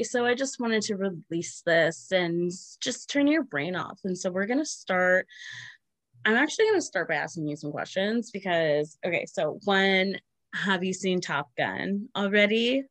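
A woman's voice: medium pitch, no room sound. A young woman hosting a casual podcast chat, talking loosely with many fillers and frequent giggles. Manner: chatty, giggly, lots of fillers. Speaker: podcast host.

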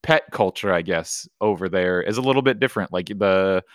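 A man's voice: sits low, brisk, dry recording, clean studio sound. A man, co-founder of a cat cafe, telling his story casually with lots of swearing and fillers. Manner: profane, animated, rambling with many fillers.

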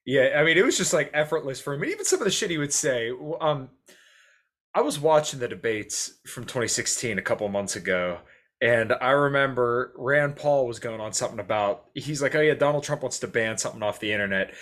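A man chatting on a podcast, animated and swearing casually, often acting out quoted voices. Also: medium pitch, fairly quick. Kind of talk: casual chat.

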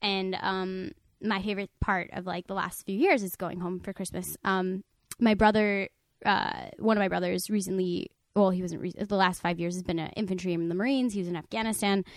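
A woman's voice: medium pitch, a little fast, dry recording. Young woman from connecticut telling a wild family story, chatty, lots of "like", super dry close mic. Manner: animated, acts out the people she quotes, many "like" fillers. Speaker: podcast guest. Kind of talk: casual storytelling chat.

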